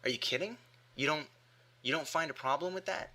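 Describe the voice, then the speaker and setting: A man's voice: fairly high pitch, a little fast, sharp tone. A man delivering an argumentative rebuttal monologue with emphatic rhetorical questions. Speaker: atheist commentator.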